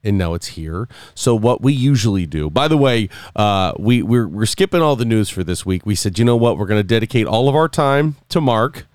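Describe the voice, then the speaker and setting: Podcast host, male, animated delivery, smooth clear voice, close dry mic. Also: fairly low pitch, normal speed, hardly any pauses, dry recording. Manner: animated, joking, plans the episode. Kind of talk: casual chat.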